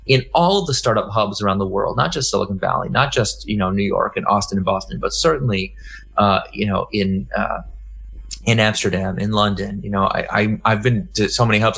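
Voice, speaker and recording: A man's voice: lowish voice, vocal fry, husky. A middle-aged man giving a conference talk, telling a story and acting out the dialogue in a raised voice. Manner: animated anecdote, acts out dialogue in raised voice. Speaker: keynote speaker.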